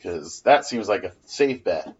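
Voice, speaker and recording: Wry man with a lively voice. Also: fairly low pitch, a little slow, breathy edge. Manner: wry, sarcastic, laughs often. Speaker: podcast co-host. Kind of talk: casual comedic chat. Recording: dull lo-fi podcast audio.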